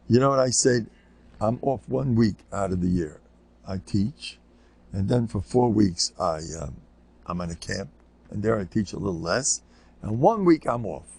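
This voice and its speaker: Gravelly older rabbi, rambling lecture. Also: male voice, darkish tone. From United States. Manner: rambling anecdotal storytelling with Yiddish and Hebrew words; acts out children's voices in high squeaks. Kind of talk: informal Torah lecture.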